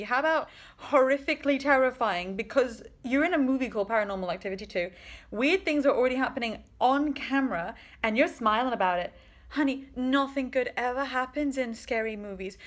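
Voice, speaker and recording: Exasperated, sarcastic woman, slightly high voice. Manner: exasperated, sarcastic, swears freely. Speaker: vlogger. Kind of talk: casual movie reaction commentary. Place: indoors at home.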